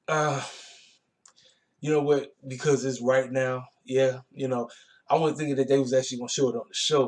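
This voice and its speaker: A man talks through a wrestling show in a loose, rambling recap, full of fillers and slang. His voice sits at an ordinary middle pitch colors the easygoing delivery. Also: a little mellow. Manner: laid-back, colloquial, rambling with fillers.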